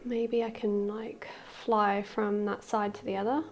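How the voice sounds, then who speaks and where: A woman hosting a casual let's-play, gushing and excitable, with squeals of delight and soft murmurs as she explores. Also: mid-range voice, a little slow, faint music behind. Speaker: gaming channel host.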